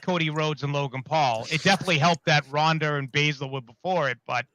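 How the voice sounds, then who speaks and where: A man's voice: fairly high pitch, fairly quick, sharp tone. A man hosting a casual wrestling talk show, rambling and correcting himself as he steers the discussion. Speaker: podcast host.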